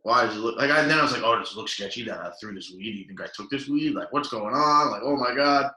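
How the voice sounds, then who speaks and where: His mid-range voice moves quickly as this young man, a podcast co-host, chats casually and rambles through stories, heavy on fillers and animated quotes. The recording has an echoey room sound.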